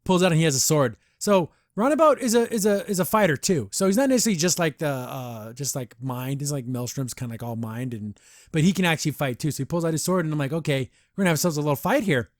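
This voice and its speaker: A man hosting a podcast, reviewing a cartoon episode in an animated, excitable way with many restarts. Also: a little high, quick pace, no room sound, studio quality. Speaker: podcast host. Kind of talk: casual episode review chat.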